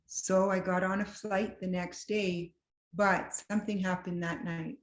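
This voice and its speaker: A woman guest telling a personal story with lively, self-deprecating humor, acting out what people said. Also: on the low side, unhurried. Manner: acts out quoted dialogue. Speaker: guest sharing a personal testimony. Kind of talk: conversational storytelling. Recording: roomy echo.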